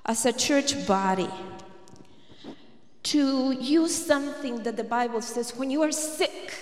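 A woman's voice: on the high side, a little mellow. A woman preaching at a prayer gathering. She tells a personal story in an earnest way and acts out what others said. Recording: echoey hall reverb.

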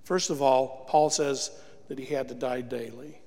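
A man's voice: mid-range voice, fairly even intonation, a little slow, darkish tone, long reverb tail. A man preaching a sermon to a congregation, emphatic and throwing rhetorical questions at the listeners, recorded in a church. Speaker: guest preacher. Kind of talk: sermon with altar call.

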